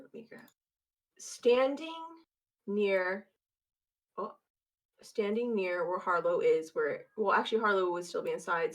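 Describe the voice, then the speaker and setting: A woman running a tabletop game as game master, narrating in a quick, loose way. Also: on the low side.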